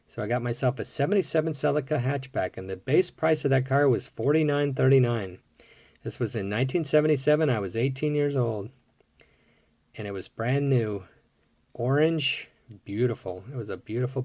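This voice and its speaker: A man in his fifties chats through an unboxing at home, wandering from thought to thought and echoing his own phrases. His voice has a gravelly edge. The sound is dry and close, with little room to it. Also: mid-range voice, warm tone. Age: 50s. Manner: rambling, musing aloud, repeats phrases. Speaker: toy car collector. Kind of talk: casual unboxing commentary.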